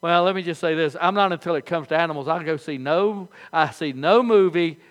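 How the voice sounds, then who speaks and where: An older man preaching a sermon as pastor, telling folksy stories with animated, halting restarts. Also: a little high.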